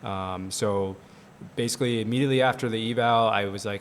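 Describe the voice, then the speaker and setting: A male physical therapist talking casually on a podcast, measured and full of fillers. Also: lowish voice, fairly even intonation, a little hiss or hum.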